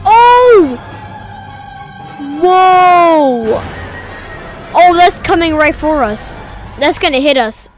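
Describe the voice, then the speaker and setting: A young woman with a high voice narrates her horror game playthrough in a jumpy, excitable way. She swings between loud shrieks and hushed whispers as things startle her, with faint music behind her. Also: extremely slow, long pauses. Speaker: gaming video creator. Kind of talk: let's play commentary.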